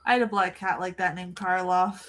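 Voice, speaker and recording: A woman's voice: fairly low pitch, fairly even intonation, moderate pace, a bit bright. A woman chatting casually while co-watching a movie on stream, giggly and full of "like". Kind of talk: casual reaction chat.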